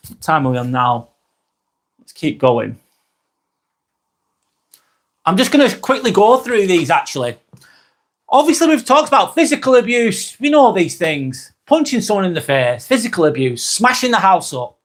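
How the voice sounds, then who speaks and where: A man's voice: sits high, sing-song, normal speed, long pauses. A man with a Northern English accent hosting a casual live vlog from home, blunt and chatty, swearing freely and repeating his points. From England. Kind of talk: casual live-stream talk.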